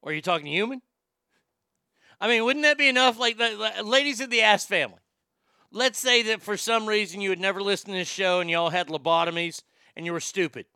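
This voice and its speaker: A man's voice: high-pitched, brisk, pushed and bright, smooth, no echo, clean studio sound. A man hosting a comedy podcast, rambling and joking crudely, often stammering and repeating words. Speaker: podcast host.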